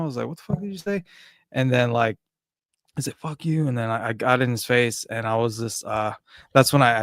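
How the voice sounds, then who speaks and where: Guy swearing his way thru a wild story, gets loud then quiet, dry close mic. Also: medium pitch, no echo. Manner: animated, profane storyteller, swings loud and soft. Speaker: podcast co-host. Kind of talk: casual chat.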